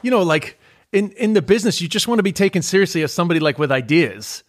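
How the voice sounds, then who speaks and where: Irish man in his forties, fairly high voice, rambling emphatic talker with fillers. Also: expressive, fast. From Ireland. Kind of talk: casual chat.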